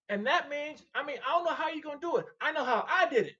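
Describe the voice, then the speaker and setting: A man's voice: very high voice, fast, muffled recording. A man guest on a casual podcast interview, talking emphatically and repeating his points like a sermon. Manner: emphatic, animated and repetitive, preaching-like. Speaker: podcast guest, machine shop owner.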